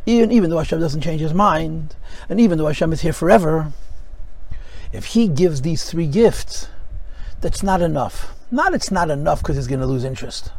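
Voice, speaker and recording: A Torah teacher leads a Chassidic discourse class, explaining texts through rhetorical questions and mixing many Hebrew and Yiddish terms into his English. His fairly high voice is animated yet gravelly and darkish at a normal speed, and the recording quality is low.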